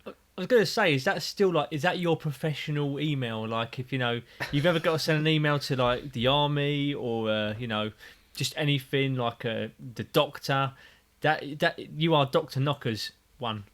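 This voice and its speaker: A man's voice: a little high, moderate pace, a bit bright. A man co-hosting a podcast, joking around, swearing freely and rambling in casual banter. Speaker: podcast co-host.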